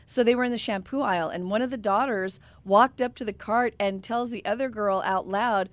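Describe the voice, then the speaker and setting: A middle-aged woman co-hosting a radio show, reading listener posts and telling stories in an animated way with frequent laughter. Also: medium pitch, fairly quick, dry recording. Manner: animated storyteller, laughs often.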